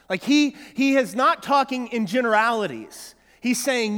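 A man's voice: very high-pitched, animated, normal speed, a bit bright, long reverb tail. A man preaching a sermon as pastor, earnest, often restarting and repeating words.

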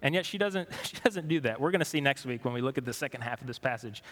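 A pastor delivers a sermon in a large hall, his mid-range voice moving quickly. His style is conversational and full of questions, shifting between animated bursts and hushed moments.

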